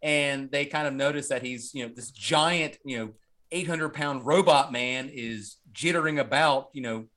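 A man's voice: medium pitch, moderate pace, a bit bright. A man co-hosting a podcast, recapping a movie in rambling, jokey casual chat full of fillers. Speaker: podcast co-host.

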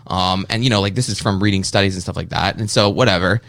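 A man's voice: sits low, fast, gravelly, no room sound, studio quality. A man from Canada, a podcaster and comedian, telling a story in a rambling way in casual podcast talk. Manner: rambling, animated storytelling with mocking quoted voices. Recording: played clip from another podcast.

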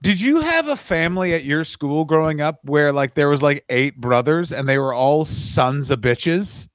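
A man with a slightly raised pitch, trading teasing deadpan jabs on a comedy podcast and spinning stories. The recording is dry and close-miked. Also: normal speed, dry recording. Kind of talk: casual comedic chat.

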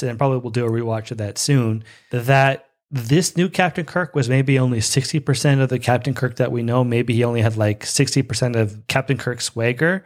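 A young man hosting a show, casually reviewing an episode with bursts of excited, high-pitched enthusiasm. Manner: excitable, breaks into high-pitched squeals of delight.

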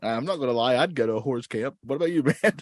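A man's voice: mid-range voice, fast, no echo, studio quality. A man co-hosting a podcast, bantering casually and laughing a lot as he jokes around. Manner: laughs often, playful and goofy. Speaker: podcast co-host.

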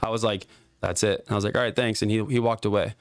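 A young man telling a story in casual podcast talk, animated and profane, with lots of "like" fillers. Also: fairly low pitch, racing, crowd noise.

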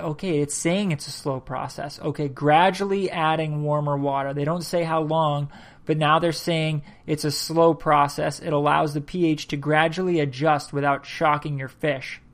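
Tired man reading sources aloud. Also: a little high. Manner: reads aloud haltingly, stumbles and comments as he goes. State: tired, yawning. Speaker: podcast host. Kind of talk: casual solo podcast, reading sources aloud.

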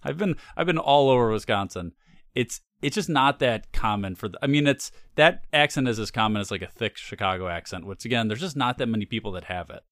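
A man's voice: medium pitch, animated, a little fast, a bit bright, no room sound, studio quality. A man in casual conversation, easygoing and rambling, laughing often as he talks. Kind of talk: casual chat.

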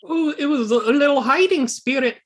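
A woman's voice: fairly quick, close to an everyday voice. A game master voicing a quirky old woman who speaks in clipped, slangy phrases. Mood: cheery. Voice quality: high, clipped slangy speech.

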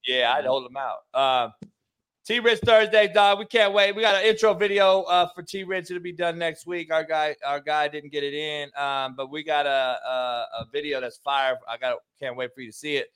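A male show host with a high, bright, forceful voice. His tone is smooth and clear, and he runs loose, hyped banter that is sprinkled with casual swearing. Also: steady tone, moderate pace.

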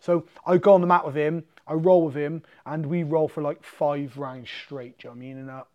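Brit guy telling stories fast and animated, kinda high voice, swears a lot. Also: dull audio. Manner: animated, swearing, acts out quotes. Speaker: podcast guest, MMA fighter. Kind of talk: casual storytelling chat.

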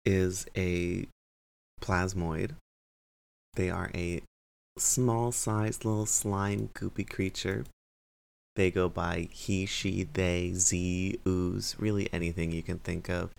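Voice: low voice, steady tone, takes it slowly, gravelly, a little mellow. A cheerful player describing a slime character in a tabletop game. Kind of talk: casual chat introducing a tabletop character.

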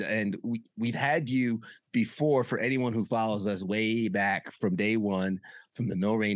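A man's voice: lowish voice, dry recording, studio quality. A man hosting a podcast, with an upbeat, hype-style way of introducing guests and asking listeners to subscribe. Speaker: podcast host. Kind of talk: casual podcast chat.

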